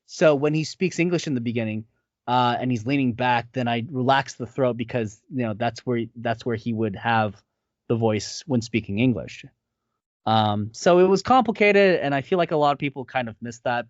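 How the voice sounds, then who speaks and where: A man's voice: medium pitch, normal speed, dry recording. Easygoing man with a dull lo-fi sound. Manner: rambling, many fillers and restarts. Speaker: voice actor guest. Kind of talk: casual interview chat. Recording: dull lo-fi audio.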